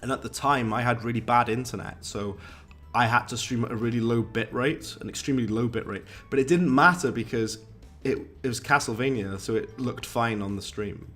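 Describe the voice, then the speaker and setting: A man's voice: mid-range voice, a little fast, fairly bright tone, faint music behind. Chatty posh-sounding man. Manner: chatty, rambling, talks to viewers. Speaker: streamer. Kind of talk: casual game-stream chat.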